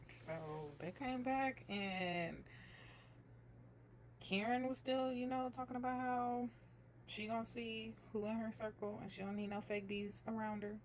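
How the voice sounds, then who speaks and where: A young woman chatting casually as she recaps a reality show, telling it in a lively way and slipping into other people's voices. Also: a little high, unhurried, slight background noise. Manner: chatty, animated retelling with quoted voices.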